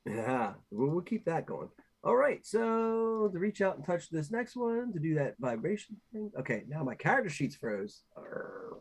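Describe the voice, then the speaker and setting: A man's voice: on the high side, sing-song, moderate pace, slightly rough. A man playing a tabletop game online, loopy and joking while on cold medicine. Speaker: player.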